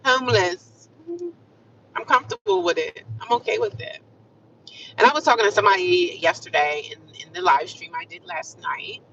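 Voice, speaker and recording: A woman's voice: mid-range voice, fairly bright tone, a little hiss or hum. A woman chatting casually on a livestream, upbeat and talkative, often repeating affirmations. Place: inside a car. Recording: distant, muffled phone audio.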